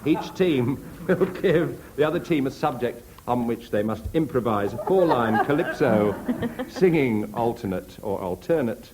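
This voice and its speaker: A man chairing a comedy panel game, announcing scores and rounds in a dry, deadpan way. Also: mid-range voice, unhurried, crowd noise. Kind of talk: comedy panel show hosting.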